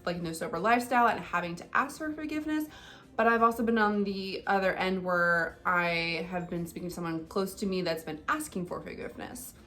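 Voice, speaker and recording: A woman's voice: medium pitch, pushed and bright. A young adult woman talking candidly in a casual vlog, conversational and full of fillers like "like" and "um". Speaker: vlogger. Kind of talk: casual personal vlog talk.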